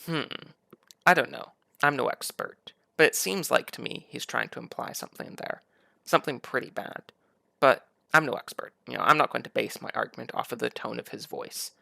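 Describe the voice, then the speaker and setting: A man's voice: mid-range voice, moderate pace, gravelly, bright, forceful tone, dry recording, studio quality. A man giving sarcastic, mocking political commentary over video clips. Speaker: commentary YouTuber.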